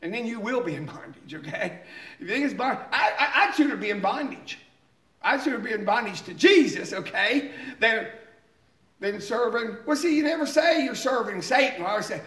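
A man's voice: extremely high pitch, animated, pushed and bright, echoey room. A man preaching a sermon with emphasis, often asking "okay?" and laughing between points. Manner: reads hymn lines slowly and deliberately.

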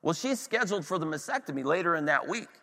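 A man's voice: on the high side, lively intonation, quick pace, gravelly, pushed and bright. A man preaching a sermon, telling a story with passion and checking in with his congregation. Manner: impassioned storytelling to a congregation, asks "are you with me". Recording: long hall reverb.

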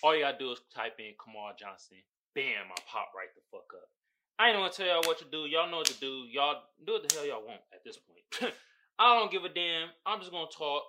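A man's voice: a little high, animated, a little fast, background noise. A young man hosting his own podcast, venting bluntly and profanely in casual talk. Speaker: podcast host. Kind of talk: casual solo podcast rant.

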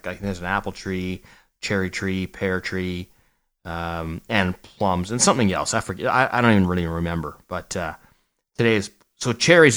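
Low-voiced yet fairly bright in tone, a middle-aged man co-hosts a podcast, chatting loosely. His talk is rambling and jokey, full of false starts.

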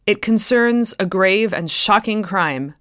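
A man's voice: high-pitched, expressive, takes it slowly, fairly bright tone, dry recording, studio quality, full character voice. A woman voicing a stern, suspicious colonial army officer who speaks to intimidate. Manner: intimidating, pointed.

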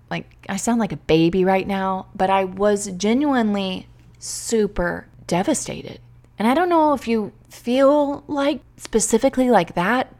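A woman hosting a podcast, talking earnestly and emotionally straight to her listeners in a heartfelt, faith-based way. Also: medium pitch. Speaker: podcast host and teacher coach.

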